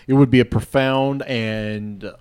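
A man chats about basketball as a podcast guest in a middle-pitched voice. He rambles and gets animated, restarting his sentences often. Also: takes it slowly, clean tone. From Denver area. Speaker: guest sports blogger. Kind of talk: casual podcast chat.

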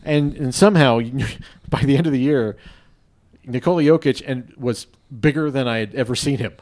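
A man talking as a guest on a sports podcast, rambling and animated, with many restarts. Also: medium pitch, normal speed. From Denver area. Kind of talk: casual podcast chat.

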